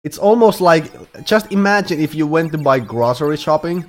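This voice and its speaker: A man's voice: a little high, animated, moderate pace, soft background music. Rambling, profane male game streamer. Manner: rambling, profane, laughs often. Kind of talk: casual live-stream chat while gaming.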